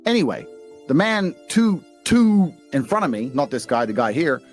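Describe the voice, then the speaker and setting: A man's voice: fairly high pitch, big pitch swings, normal speed, soft background music. A middle-aged man with an English accent, a former fighter telling stories in casual chat, blunt and profane. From England. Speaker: podcast guest, former kickboxer.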